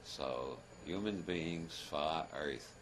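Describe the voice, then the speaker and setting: A very deep-voiced older man lectures very slowly before a live audience. The talk rambles with humor, wry chuckles, and self-deprecating asides, and the archival recording of the audience is noisy.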